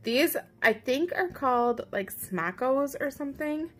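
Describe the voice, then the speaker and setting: A woman's voice: high-pitched, lively intonation, a little slow, fairly bright tone. A woman hosting her own vlog, chatting casually and upbeat with a self-teasing streak as she walks through a how-to in her home kitchen. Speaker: parent and vlog host.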